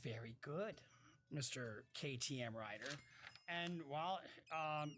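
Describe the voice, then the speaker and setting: A man's voice: fairly high pitch, measured pace, noisy background. Blunt, swearing male stream commentator. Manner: blunt, swears freely, talks in fits and restarts. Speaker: live-stream commentator reading viewer messages. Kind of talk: casual live-stream commentary.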